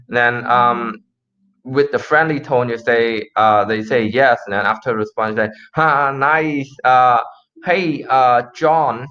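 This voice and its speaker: Male sales coach, casual and rambling, mid-pitch, muffled lo-fi recording. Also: fairly even intonation, takes it slowly. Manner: casual, repeats phrases, acts out call lines. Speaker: sales trainer. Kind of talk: explaining a cold-call script. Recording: slightly dull lo-fi audio.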